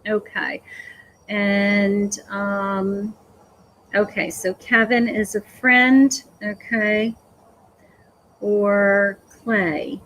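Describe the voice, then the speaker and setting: A woman psychic medium giving a live-streamed reading, gentle and hesitant, filling pauses with "okay" and "um". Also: medium pitch, little pitch movement, slight background noise, low-quality recording. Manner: slow, hesitant, full of "okay" and "um".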